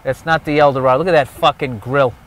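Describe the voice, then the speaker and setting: A man doing comedy as he walks a city street outdoors, ranting loudly and sarcastically and swearing constantly. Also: medium pitch, steady tone, quick pace. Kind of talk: profane ranting walking tour.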